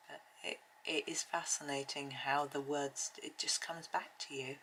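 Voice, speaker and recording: A middle-aged woman with a low, gravelly voice that still has a bright edge. She rambles softly through a colouring tutorial and often sinks to a near whisper. Faint background hiss sits under the close mic. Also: steady tone, unhurried, hardly any pauses, poor audio. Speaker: colouring video host. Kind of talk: soft-spoken colouring tutorial chat.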